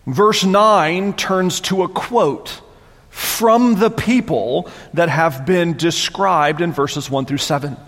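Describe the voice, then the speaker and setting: A man preaching a sermon, animated, voicing the mockers in rising tones. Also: high voice. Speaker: pastor. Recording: long hall reverb.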